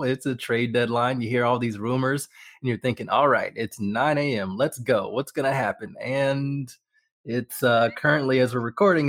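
A man joining a podcast as a guest over a remote call, talking in an easygoing way with small laughs. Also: medium pitch. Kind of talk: casual podcast chat.

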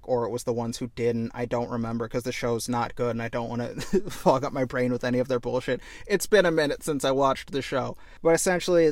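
A man hosting a podcast, ranting loudly and swearing a lot as he reviews a show. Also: mid-range voice, dry recording. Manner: loud, exasperated, heavy swearing. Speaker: podcast host.

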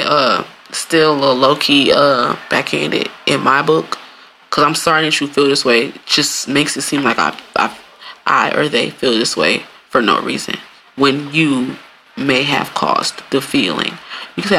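Podcast host, solo monologue, casual, gravelly, bright tone, swears freely, animated, acts out quotes. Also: medium pitch, measured pace, slight background noise. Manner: acts out quoted apologies in playful voices.

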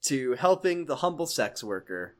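Guy on a podcast retelling a game story, bit high-pitched, keeps jumping into silly character voices. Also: very animated, normal speed. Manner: acts out quoted characters with big pitch jumps. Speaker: podcast co-host. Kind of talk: casual comedic chat, retelling a game story.

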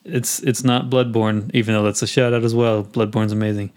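A man co-hosting a casual podcast chat about video games, rambling and animated as he retells scenes. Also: on the low side, a little fast. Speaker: podcast co-host.

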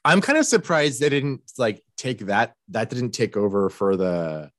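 A man's voice: medium pitch, big pitch swings, a little slow, no room sound, studio quality. A man co-hosting a podcast in casual chat, dropping wry, sassy asides. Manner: wry, sassy asides, lots of short backchannel. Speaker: podcast co-host.

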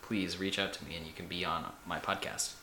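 A man's voice: sits low, little pitch movement, a little fast, pushed and bright, roomy sound. A young man hosting a casual podcast, chatty and rambling, joking with his guests. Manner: chatty, rambling, laughs at himself. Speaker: podcast host.

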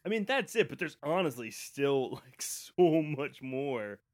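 Brief: podcast host, slow easygoing chat, mid pitch. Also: sing-song. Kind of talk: casual chat.

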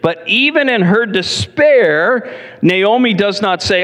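Male pastor, lively up-and-down delivery, a bit high, long church reverb. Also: slow. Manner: animated storytelling, addresses the congregation directly. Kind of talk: sermon. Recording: long reverb in a large hall.

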